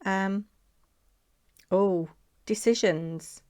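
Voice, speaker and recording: In a very slow, darkish, mid-range voice, a woman leads a papercraft tutorial. She chats casually throughout and talks to herself as she works on her project.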